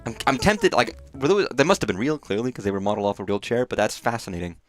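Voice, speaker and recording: A man talking over his own gameplay in a loose, profane ramble, his pitch bouncing all over as he mock-rants at whoever crosses his path. Faint game music sits quietly behind him. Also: big pitch swings. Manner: profane, rambling, quick to rant at on-screen characters. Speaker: livestreamer. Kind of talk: casual gameplay commentary.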